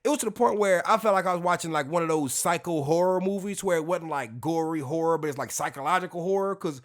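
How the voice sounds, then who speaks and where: A man co-hosting a casual podcast chat, telling stories in an animated, slangy way with plenty of cursing. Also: a little high, fast. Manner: profane, animated, slangy storytelling. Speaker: podcast co-host.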